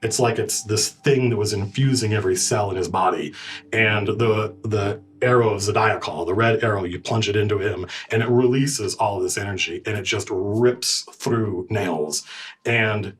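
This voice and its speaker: A man's voice: lowish voice, normal speed. A man running a tabletop game as game master, describing scenes vividly and speaking for his characters.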